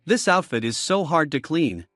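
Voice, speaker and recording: A man's voice: fairly high pitch, expressive, normal speed, a bit bright, no echo, studio quality, soft background music. Man voicing a flustered young saintess. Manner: flustered, exclaiming questions. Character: young saintess woman, anxious and earnest.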